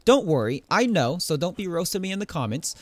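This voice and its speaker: Playful young gaming YouTuber, lively pitch. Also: male voice, fairly quick, no echo. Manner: playful, talks to the enemies he fights. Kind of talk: casual gameplay commentary.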